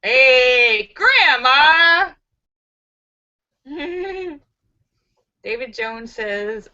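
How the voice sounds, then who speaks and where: A giggly, sassy woman chats to viewers on a live stream and reads jokes aloud. Her voice is high, bright and lively, with a relaxed, unhurried pace. The audio is a little dull and lo-fi. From United States. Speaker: vlogger hosting a live stream. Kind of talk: casual live stream chat reading jokes.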